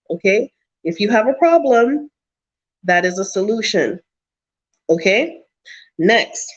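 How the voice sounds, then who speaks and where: A woman's voice: medium pitch, animated, takes it slowly, pauses often, muffled recording. Emphatic woman lecturing her livestream viewers. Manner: emphatic, preachy, repeats herself for stress. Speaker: vlogger answering live chat. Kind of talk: casual livestream advice talk.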